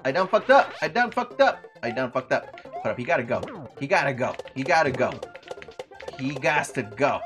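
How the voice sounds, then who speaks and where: Excitable, foul-mouthed man on a gaming stream. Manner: profane, excitable trash talk at the game; loud sudden outbursts jumping high in pitch. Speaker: livestreamer. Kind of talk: casual gaming livestream commentary.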